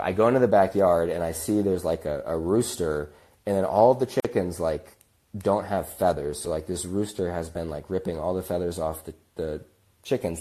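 A man's voice: low-pitched, darkish tone. A young American man casually telling a rambling travel story, acting out the people he quotes. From United States. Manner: rambling, acts out quotes in other voices. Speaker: podcast host.

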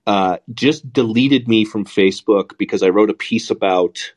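A man's voice: fairly low pitch, moderate pace, breathy edge. A man hosting a podcast, talking politics in a casual, sardonic and profane way. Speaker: podcast host.

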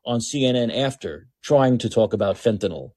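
A man's voice: medium pitch, animated, normal speed, darkish tone. A man hosting a podcast with opinionated political commentary, talking in a sarcastic, mocking, repetitive way. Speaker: podcast host.

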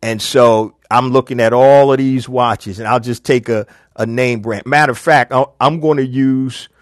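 A man's voice: medium pitch, fairly even intonation, moderate pace, no echo. Casual middle-aged man, dry close sound. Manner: casual, chatty, storytelling with quoted dialogue. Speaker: business coach host. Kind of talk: live Q&A advice talk.

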